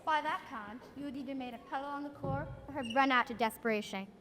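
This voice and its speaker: A young adult woman with a fairly high voice narrates a school stage play, speaking wryly and directly to the audience in a storytelling style. Her quick-paced voice, over music, carries through an echoey auditorium and is captured from a distance.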